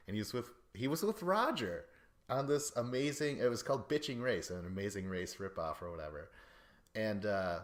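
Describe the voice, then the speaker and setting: A man hosting a podcast, rambling casually about reality show contestants with lots of swearing and excitable asides. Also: lowish voice. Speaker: podcast host.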